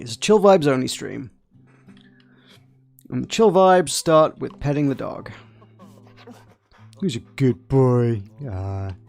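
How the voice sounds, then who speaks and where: A man gives casual live-stream commentary over a game, chatty and playful, talking along as he plays. His voice is fairly high, a little mellow, with vocal fry.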